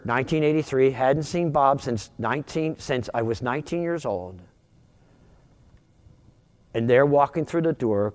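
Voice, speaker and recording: Animated older man telling his testimony. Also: long reverb tail. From outside Philadelphia, US. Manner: animated storytelling, wide pitch swings, rising for punchlines. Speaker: guest speaker giving testimony. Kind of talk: sermon testimony.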